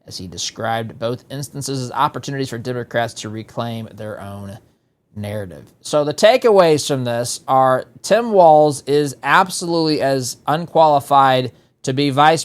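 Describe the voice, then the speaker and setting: A man's voice: medium pitch, lively intonation, normal speed. A man hosting a political talk show, commenting in a sarcastic, exasperated way. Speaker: talk radio host.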